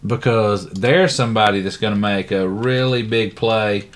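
A man's voice: lowish voice, moderate pace. A middle-aged man co-hosting a casual podcast, chatty and joking with firm opinions. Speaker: podcast co-host.

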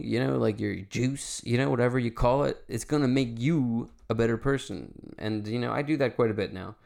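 A man's voice: mid-range voice, gravelly, darkish tone. A man in his forties hosting a solo podcast, telling a story in a candid, rambling way with lots of fillers and some swearing. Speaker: podcast host.

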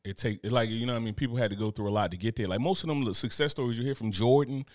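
A man's voice: medium pitch, rapid-fire, a little mellow, dry recording, studio quality. A man co-hosting a podcast, chatting casually with a laid-back, slangy storytelling manner. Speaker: podcast co-host. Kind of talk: casual chat.

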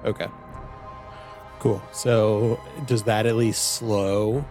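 A man's voice: on the low side, flat delivery, slow pace, a little mellow, soft background music. A man playing in a tabletop game, thinking aloud and hesitating over his moves. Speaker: player. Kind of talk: casual tabletop play.

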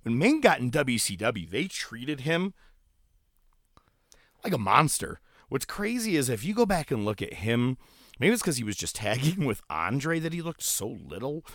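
A man co-hosting a casual wrestling recap podcast, animated and laughing, acting out quotes as he talks. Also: medium pitch, normal speed, no echo. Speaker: podcast co-host.

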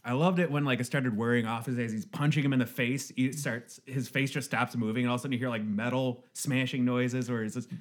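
A man's voice: medium pitch, steady tone, fast, hardly any pauses. A man co-hosting a casual movie chat, joking and opinionated. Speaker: podcast co-host.

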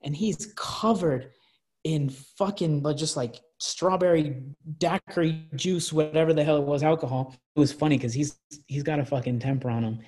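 A man's voice: on the high side, normal speed, darkish tone. A man in his twenties telling party stories in casual chat, rambling with lots of restarts and swearing. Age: 20s. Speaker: guest.

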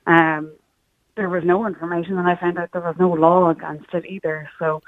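A woman's voice: fairly low pitch, level tone, normal speed, no echo. Young Irish woman on a tinny phone line. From Ireland, Sligo. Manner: earnest, matter-of-fact storytelling with soft laughs. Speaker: guest. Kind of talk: recounting a personal story on radio.

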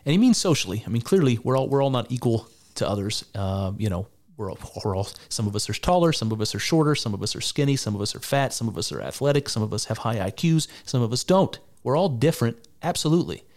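A man's voice: medium pitch, sing-song, quick pace, few pauses, a little mellow. A man giving sarcastic, exasperated and profane reaction commentary on a debate. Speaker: political commentator.

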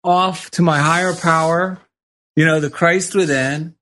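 A man's voice: on the high side, fairly even intonation, unhurried, pushed and bright. A man co-hosting a spiritual talk show, speaking earnestly and reflecting on faith. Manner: earnest, reflective, reads affirmations aloud. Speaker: co-host.

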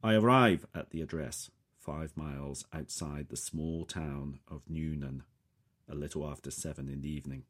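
A man reading a first-person story in a calm, measured way. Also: rumbling low. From England. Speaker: audiobook narrator. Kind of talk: scripted first-person narration.

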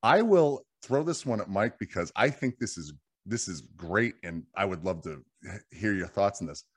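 A man's voice: fairly low pitch, animated, moderate pace, slightly rough. A man hosting a casual sports podcast, reading listener emails with wry banter. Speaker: podcast host.

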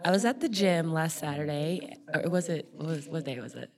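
A young woman telling a casual story to a group, lively, acting out what people said. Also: low-pitched, normal speed, a crowd in the background. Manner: animated, acts out quoted dialogue.

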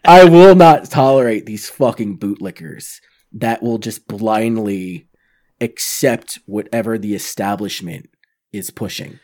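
A man from Virginia in casual podcast chat, talking earnestly and haltingly with many fillers. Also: lowish voice, darkish tone. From northern Virginia, USA. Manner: earnest, halting, many "you know" fillers, swears when riled.

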